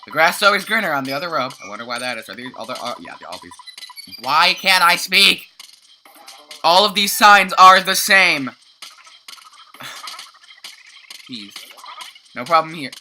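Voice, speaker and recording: A woman's voice: sits low, lively intonation, a little slow, long pauses, sharp tone, slight background noise, poor audio. A young woman casually commentating a video game she plays, sleepy, chatty and self-mocking, often tripping over her words. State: tired, just woke up. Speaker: let's play commentator. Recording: game music playing under voice. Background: game music.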